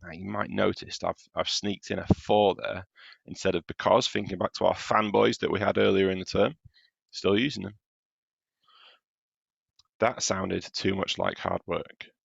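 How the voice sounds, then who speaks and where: A man's voice: deep voice, flat delivery, moderate pace, creaky, slightly rough, no echo, muffled recording. A man teaching a primary class in a recorded home-learning lesson, patiently explaining step by step as he checks his own writing.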